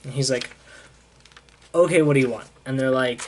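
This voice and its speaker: A young comic book reviewer casually recaps a story, paraphrasing characters' lines with "he's like" as he goes. He speaks at medium pitch and a moderate pace, with long pauses.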